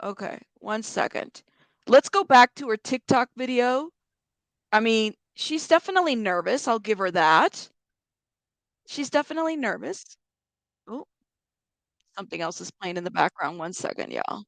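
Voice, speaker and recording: A woman's voice: a little high, expressive, normal speed, vocal fry, long pauses, no room sound. A woman giving casual live-stream commentary, chatting with viewers and thinking aloud as she reacts.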